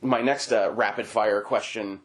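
A man's voice: fairly low pitch, measured pace. A man hosting an interview podcast, chatting casually and telling jokey stories. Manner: joking, lively storytelling. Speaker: podcast host.

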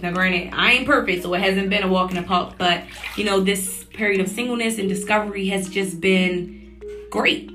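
A woman hosting a talk show, chatting candidly as she recounts a story, her pitch sitting in the middle range for a woman. She talks in a loose, conversational way and fills her sentences with casual fillers. Faint music plays behind her. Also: steady tone, brisk, a bit bright.

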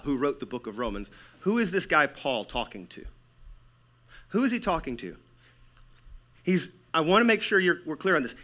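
A man preaching a sermon to his church, swinging between loud emphatic stretches and hushed, near-whispered lines. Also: fairly high pitch. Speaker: pastor.

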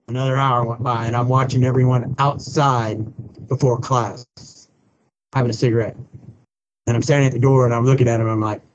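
A pastor appearing as a podcast guest shares his recovery testimony in conversation, speaking bluntly and colloquially and acting out the people he quotes. His mid-range voice keeps a level tone and moves a little fast. The audio is dull, with a slight hiss or hum.

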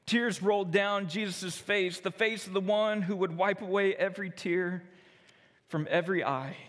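High-voiced man narrating a storybook. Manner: expressive, dramatic, slowing for solemn moments. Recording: long reverb.

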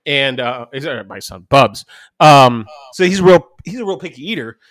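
A podcast co-host in his thirties tells a family story in casual chat, acting out his kids' voices. His mid-range voice is animated and fairly bright at a moderate pace, captured in clean studio sound without echo.

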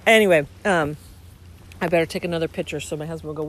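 A woman hosting a podcast as she walks along a beach, talking casually with lots of ums and bursts of excitement. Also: low voice, fairly quick, slight background noise. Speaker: podcast host. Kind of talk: casual walking monologue. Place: outdoors on a beach.

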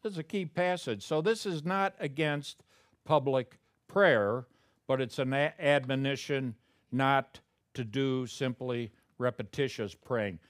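Male pastor, conversational sermon, emphatic peaks, dry close sound, mid pitch. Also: measured pace, no room sound. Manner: conversational preaching, rising to loud emphatic peaks.

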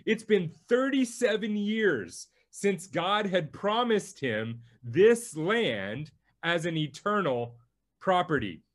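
A male pastor preaching a sermon, teaching through a Bible passage with slow, emphatic delivery. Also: high-pitched, very animated.

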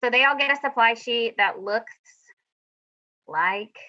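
A middle school band director, a woman with a fairly high voice and a measured pace, gives a teacher presentation over screen share on a video call. Her talk is chatty, upbeat, and self-deprecating, and the audio sounds dull.

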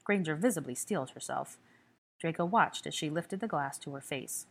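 A woman reading a story aloud as narrator, calm and even. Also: deep voice, moderate pace. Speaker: audiobook reader. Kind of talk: scripted narration.

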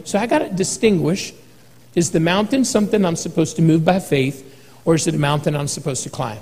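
A man's voice: sits high, expressive, fairly quick, a little mellow, in a large hall, low-quality recording. A male pastor preaching a sermon in a folksy, humorous way, acting out quotes as he goes.

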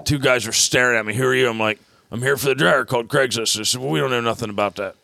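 This podcast host has a gravelly, mid-range male voice and talks quickly. In casual chat he spins a long, rambling anecdote, animatedly quoting and acting out the people in it.

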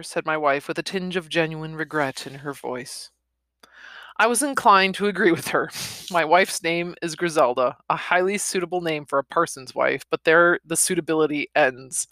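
A woman's voice: low voice, lively intonation, normal speed, fairly bright tone, dry recording. A woman reading a novel aloud and stopping for chatty, laughing comments. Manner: chatty, laughs between passages. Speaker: reader.

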